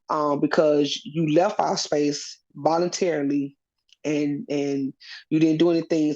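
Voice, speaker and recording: This woman is interviewed about being a custodial parent, and she talks earnestly but rambles, leaning on lots of fillers. Her voice is low-pitched, creaky and a little mellow, captured on a dull lo-fi recording.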